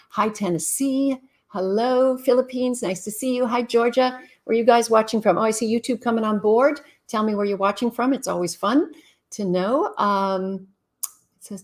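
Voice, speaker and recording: Chatty woman hosting a live Q&A. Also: mid-range voice. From Canada. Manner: chatty, greets viewers one after another, gives brisk frank advice. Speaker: relationship expert hosting a live Q&A. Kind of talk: casual live-stream chat.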